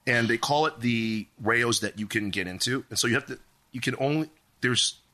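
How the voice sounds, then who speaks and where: Bright-voiced man chatting casually. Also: medium pitch. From Hawaii. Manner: halting, lots of restarts and fillers. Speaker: podcast guest. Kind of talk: casual chat.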